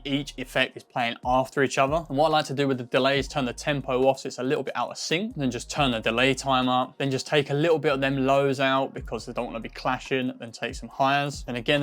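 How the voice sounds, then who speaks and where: A man hosting a music production tutorial, explaining steps in a relaxed way with frequent filler words. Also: mid-range voice. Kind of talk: screen-recorded production tutorial.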